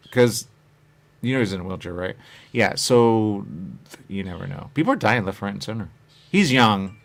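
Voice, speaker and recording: Male host, somewhat low voice, casual rambling chat. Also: creaky. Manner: meandering, chatty, acts out quoted voices. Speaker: show host.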